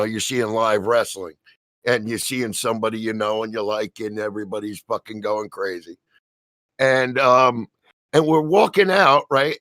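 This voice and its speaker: A man in casual podcast chat tells a story, his mid-pitched voice close and dry on the mic. He swears freely and bursts into loud put-on quotes of the people in it. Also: no echo. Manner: profane, animated storyteller acting out quotes loudly.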